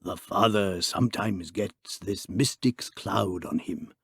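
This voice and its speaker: A male audiobook reader voicing a steady, wry male companion who speaks in a calm, measured way. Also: low voice, gravelly, husky, no room sound, studio quality, full character voice.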